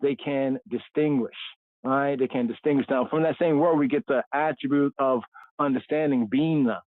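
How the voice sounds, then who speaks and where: Male podcast host, mid-pitch, patient scripture lesson, tinny dry phone-quality audio. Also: fairly even intonation, no room sound. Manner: explains slowly, repeats words and asks "right?" often. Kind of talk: teaching a Bible lesson.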